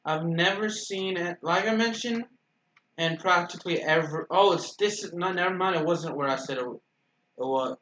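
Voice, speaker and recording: Man, gaming commentary, rambling, stutters, corrects himself, slightly high voice, echoey room. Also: normal speed, a bit bright, a little hiss or hum. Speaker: gaming YouTuber. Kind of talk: casual gameplay commentary. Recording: roomy echo.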